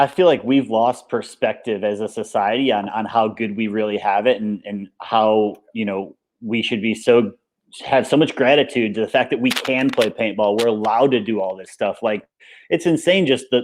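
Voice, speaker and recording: A man being interviewed in a relaxed chat, talking in an upbeat, rambling way, full of fillers. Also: fairly low pitch, moderate pace. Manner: rambling and upbeat, many fillers like "like" and "you know". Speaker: interview guest, paintball coach and business owner.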